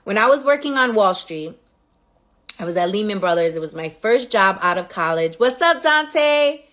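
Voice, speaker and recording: A woman in her thirties from New York with a New York accent, hosting a casual livestream and telling a story straight to her viewers in a candid, profane, animated way. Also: medium pitch, normal speed. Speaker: livestream host.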